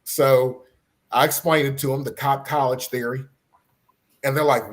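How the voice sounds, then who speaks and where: A middle-aged police officer telling his own story in an earnest, halting way, with many fillers and restarts. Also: mid-range voice, steady tone. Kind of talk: personal story, casual talk.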